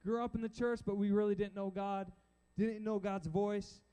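A male youth pastor preaches in a loose, animated way, acting out Bible figures as he goes. His voice sits high but has a dark, mellow tone. The talk is chatty and aimed at a young crowd in a church hall. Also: normal speed, clean tone. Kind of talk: casual sermon to a youth crowd. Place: church auditorium with a balcony.

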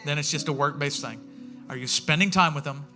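A pastor preaches in a loose, story-driven way, dropping into little voices for the people he quotes. His voice is high-set and very bright, and soft music sits under it. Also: brisk. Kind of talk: sermon. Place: church sanctuary.

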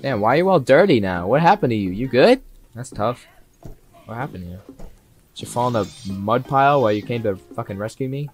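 A young male streamer narrates his horror game run live, his pitch leaping around as nerves turn into yelps and cheers. He curses freely and chatters at the characters on screen. Faint game music plays underneath. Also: fairly quick. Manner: excitable, swears a lot, talks to the game, sudden yells. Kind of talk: live gaming commentary.

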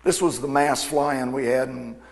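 Man, folksy storyteller, acts out dialogue, average pitch, long reverb of a hall. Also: a little slow, vocal fry. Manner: folksy, animated anecdote-telling with quoted dialogue. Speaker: aircraft mechanic and speaker. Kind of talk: storytelling talk to an audience. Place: event hall.

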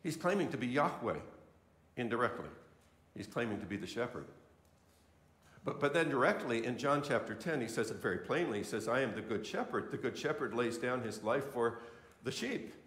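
A man's voice: mid-range voice, lively intonation, a little fast, a bit bright. Earnest male pastor preaching in echoey church. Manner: earnest preaching, repeats key phrases for emphasis. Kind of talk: sermon. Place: church sanctuary.

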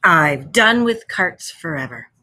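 A woman's voice: lowish voice, lively intonation, slow, sharp tone, dry recording, heavily acted. A woman doing an entranced, murmuring storybook toad. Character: dreamy, vain male toad, obsessed.

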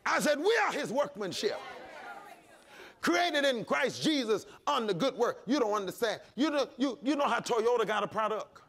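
Male pastor, lively swooping preaching, calls for responses. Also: very high-pitched, normal speed, creaky, a faint crowd. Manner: preaching with shouts and call-and-response. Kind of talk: sermon.

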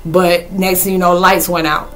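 Female vlogger, bright and forceful voice, rambling storyteller, slangy and excitable. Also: on the low side, moderate pace, faint music behind. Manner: animated, rambling, with loud outbursts; slangy, folksy phrasing. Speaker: spiritual vlogger. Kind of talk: casual storytelling recap of a movie.

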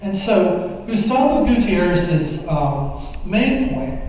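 A man in his sixties giving a personal testimony sermon in a church, halting with many fillers and restarts. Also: sits high, very animated, darkish tone. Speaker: preacher. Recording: echoey hall, voice from a distance.

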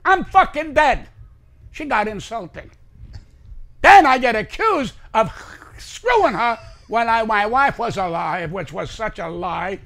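Older brash man, gravelly lively voice. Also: high voice, unhurried. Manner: brash, profane, rambling anecdotes with acted-out quotes. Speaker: comedian guest. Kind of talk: profane storytelling interview.

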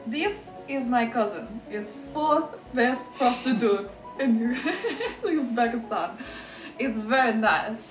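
A woman's voice: a little high, lively intonation, takes it slowly, echoey room, recorded from a distance, over music, poor audio. A woman putting on a Central Asian accent. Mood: boastful. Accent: Central Asian put-on.

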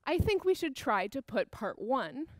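A woman's voice: high voice, very animated, measured pace, no echo, clean studio sound. A woman teaching a creative movement dance class for children, upbeat and encouraging as she counts out the moves. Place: dance studio with a piano.

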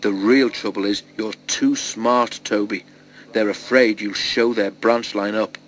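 A man voicing a kindly male engine driver who speaks low and confidingly. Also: fairly even intonation, a little slow, slight background noise, close to an everyday voice.

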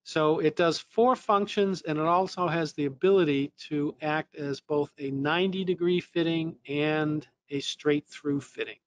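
New England male trainer, slightly high voice, casual explainer with fillers. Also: fairly even intonation, unhurried, few pauses. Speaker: technical trainer. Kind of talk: technical lesson.

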